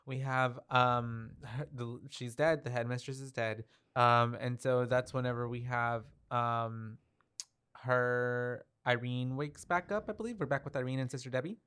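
A man's voice: mid-range voice, fairly even intonation, unhurried, a bit bright, clean tone. A man co-hosting a podcast, casually recapping a horror film with lots of fillers and the odd swear word. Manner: loose, swears, lots of "like" and "yeah". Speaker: podcast co-host. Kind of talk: casual movie recap chat.

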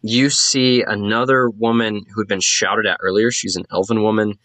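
A man's voice: lowish voice, fairly even intonation, moderate pace, fairly bright tone, dry recording. A man narrating a tabletop game as game master, casual and full of fillers.

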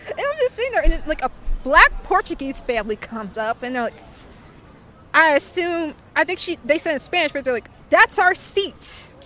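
A young woman telling a story in a casual, animated way, full of fillers and acted-out voices. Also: high-pitched, a little fast, noisy background. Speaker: interviewee.

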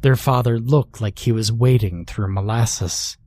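A man narrating a horror story in a slow, measured, dramatic storytelling style. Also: mid-range voice, dark tone, dry recording.

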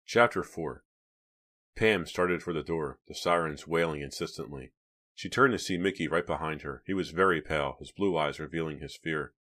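Very deep-voiced male audiobook narrator. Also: normal speed, fairly bright tone. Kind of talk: scripted narration.

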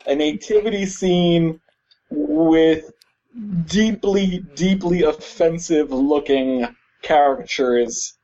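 Excitable man at the game table. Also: fairly high pitch, takes it slowly, dull audio. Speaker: player. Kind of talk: tabletop role-play chat.

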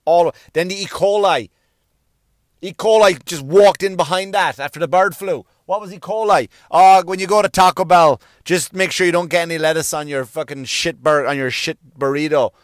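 A man's voice: a little high, normal speed, no room sound, studio quality. A man, ranting sarcastically with lots of swearing and rhetorical questions in a comic monologue. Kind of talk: profane comic rant.

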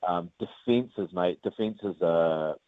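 A man with a New Zealand accent, a rugby player chatting casually in an interview, relaxed with lots of fillers. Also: sits low, takes it slowly. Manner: relaxed, many fillers, says mate often. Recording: tinny phone line, dry.

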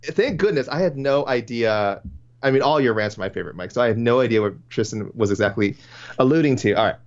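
A man's voice: mid-range voice, expressive, fast, muffled recording. A man co-hosting a casual podcast, rambling, correcting himself mid-sentence and laughing easily. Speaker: podcast co-host. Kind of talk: casual podcast chat about fight matchmaking.

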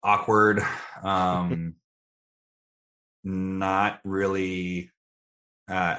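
Deep-voiced young man, easygoing. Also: bright, forceful tone. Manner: easygoing, thoughtful, self-deprecating. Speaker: guest. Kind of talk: casual interview answers.

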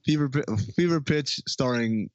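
A man's voice: a little high, normal speed, no echo, dull audio. A man co-hosting a movie podcast, bantering and joking into a handheld mic. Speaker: podcast co-host. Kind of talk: casual podcast movie chat.

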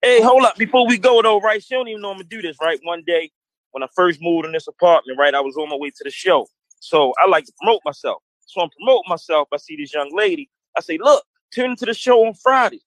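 A man with a notably high voice hosts a live talk show with casual, playful banter. His voice sounds close and dry, with no room echo. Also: quick pace, a bit bright.

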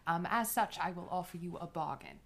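A woman's voice: lowish voice, expressive, a little fast, creaky. A woman voicing a formal, courteous adventurer who bargains with ornate, hesitant politeness. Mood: persuasive. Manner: flowery, overly polite speech with many hesitations.

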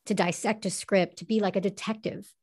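An actress sits in as a podcast guest, telling her story with enthusiasm and vivid, expressive delivery. Her pitch is in a middle range for a woman. She speeds up and brightens when a point excites her. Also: a little fast. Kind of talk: personal testimony in an interview.

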